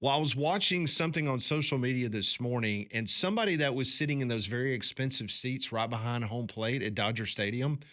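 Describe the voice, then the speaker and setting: A man hosting a sports radio show in a studio, telling stories in an animated way with quick restarts. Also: mid-range voice. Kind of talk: casual sports talk.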